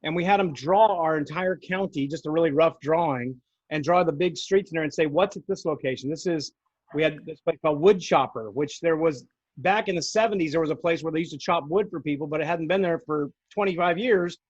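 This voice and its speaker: A man with a high voice tells stories in casual conversation, playing out the voices of people he quotes. His voice sounds dry and a little dull, with no room behind it. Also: brisk, no echo. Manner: animated storyteller, acts out quotes. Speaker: podcast co-host, former dispatcher. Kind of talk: casual storytelling chat.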